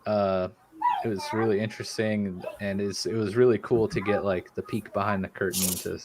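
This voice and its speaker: A man's voice: fairly low pitch, fairly even intonation, normal speed, background noise. A man hosting a podcast, talking casually in a rambling, jokey way full of fillers, with the hiccups. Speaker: podcast host.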